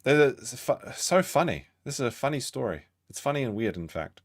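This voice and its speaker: A man's voice: mid-range voice, sing-song, fairly quick, no echo, clean studio sound. A man doing reaction commentary on a stream, mocking and sardonic as he picks apart a clip.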